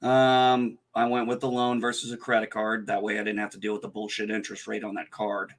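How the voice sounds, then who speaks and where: A man chatting on a casual livestream, recounting his story with plenty of swearing and exasperation. His voice sounds bright and forward at a middling pitch. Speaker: livestream co-host.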